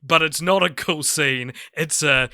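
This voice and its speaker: High-pitched man, very bright tone, excitable, dry close mic, casual film chat. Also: a little slow, no room sound. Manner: excitable, incredulous, stammering restarts. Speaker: podcast co-host.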